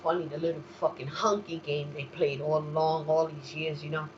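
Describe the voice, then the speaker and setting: A woman hosting a solo talk show, ranting profanely in a heated manner that jumps from low muttering to outright shouting. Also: fairly even intonation, moderate pace, muffled recording, slight background noise.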